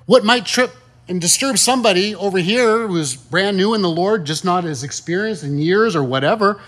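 Folksy preaching man, slightly high voice. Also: moderate pace, fairly bright tone. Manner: conversational, folksy, with many fillers and rhetorical questions. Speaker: pastor. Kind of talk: sermon.

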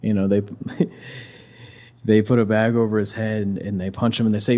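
A man's voice: on the low side, little pitch movement, moderate pace, pauses often, a little mellow. A man casually retelling a scripture story as a preacher, conversational, with many fillers and restarts.

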